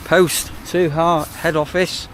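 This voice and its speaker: A man's voice: fairly high pitch, flat delivery, takes it slowly, a bit bright, slight background noise. Chatty man rambling on the go. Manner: rambling, chatty, wry asides. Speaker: campsite warden. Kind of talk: casual vlog chat. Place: on the move, outdoors and in a car.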